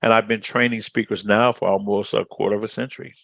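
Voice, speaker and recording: A man's voice: fairly low pitch, flat delivery, fast talker, gravelly, fairly bright tone, no room sound. A middle-aged man from Chicago, answering interview questions as a speaker trainer in a confident storytelling manner. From Chicago, USA.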